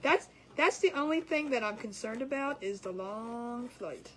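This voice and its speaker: A woman's voice: on the high side, animated, measured pace, fairly bright tone. A woman hosting a casual craft livestream, chatty and giggly, rambling with restarts as she works.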